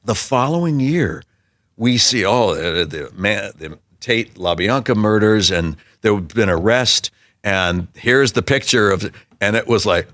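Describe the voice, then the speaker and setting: A man's voice: fairly low pitch, lively intonation, unhurried, a bit bright, dry recording, clean studio sound. A man in his sixties, a talk show guest telling an anecdote with energy and acting out other people's voices. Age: 60s. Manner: acts out quoted voices vividly.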